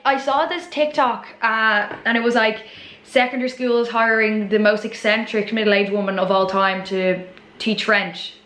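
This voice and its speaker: A woman's voice: a little high, fairly even intonation, normal speed, a bit bright. Irish woman in her twenties, rambling chatty vlogger, roomy echo. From Ireland. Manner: rambling, chatty, many fillers and asides. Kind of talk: casual chat while cooking. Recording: echoey room.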